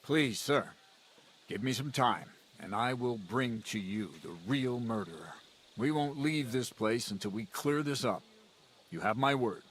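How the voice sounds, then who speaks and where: A man's voice: mid-range voice, a little slow, slight background noise. An actor playing an earnest commoner leader who argues hard for his friend's innocence. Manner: earnest, pleading, animated. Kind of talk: video game dialogue.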